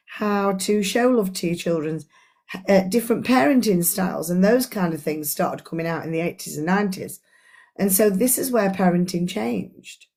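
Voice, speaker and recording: A woman's voice: mid-range voice, darkish tone. A middle-aged woman, a life coach, leading an earnest, chatty book club discussion on a live stream and talking straight to her audience.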